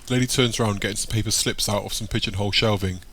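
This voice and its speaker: A man narrating an audiobook in a plain, steady reading voice. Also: fairly low pitch, very fast.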